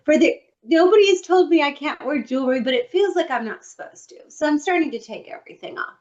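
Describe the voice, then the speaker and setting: A woman's voice: high voice, expressive, quick pace, darkish tone, lo-fi sound. A woman co-hosting a podcast, telling a comic story and acting out her own inner thoughts, talking into her computer on a video call. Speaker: podcast co-host. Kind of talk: casual chat. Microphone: computer microphone on a video call.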